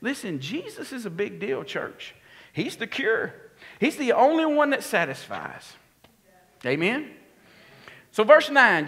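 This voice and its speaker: A man preaching a sermon, animated and often asking his congregation questions. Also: a little high, a little slow. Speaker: pastor.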